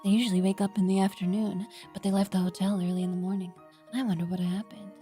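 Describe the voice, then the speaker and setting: A woman's voice: medium pitch, little pitch movement, quick pace, mellow, soft background music, voice pushed down, lightly acted. A woman voicing an uneasy, suspicious detective's assistant in a video game, speaking in a wary, subdued way.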